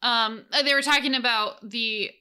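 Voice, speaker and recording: A woman's voice: on the high side, normal speed, bright, forceful tone, smooth. A woman game master chatting through a casual solo recap, rambling with many restarts and frequent laughs.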